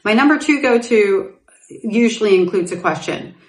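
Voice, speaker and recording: A middle-aged woman hosting a podcast, telling her personal story candidly and growing animated, with laughs through painful memories. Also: mid-range voice, moderate pace. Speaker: podcast host. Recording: roomy echoing room.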